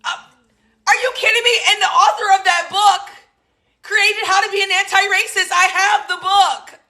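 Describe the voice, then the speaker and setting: On her own talk show, a woman in her thirties offers casual political commentary at a normal speed. Her voice is very high and bright, and her delivery is lively and sassy, full of laughs and exclamations.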